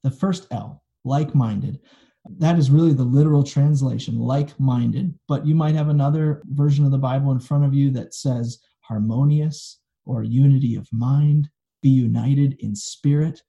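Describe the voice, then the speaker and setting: A pastor delivers his sermon with a gravelly edge and a very dark, mellow tone. His manner is casual and folksy, full of everyday asides, and his voice is recorded for an online service video. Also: medium pitch, normal speed, muffled recording. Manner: conversational, folksy storytelling.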